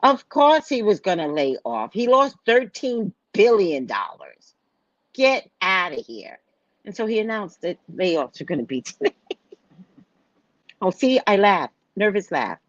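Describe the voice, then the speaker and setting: A woman talks casually to her livestream audience as a psychic host. She is blunt and curses freely. Her voice is mid-pitched and sounds dry and a little lo-fi. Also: very animated, measured pace, no room sound. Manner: blunt, cursing storyteller. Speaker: psychic host of a live show.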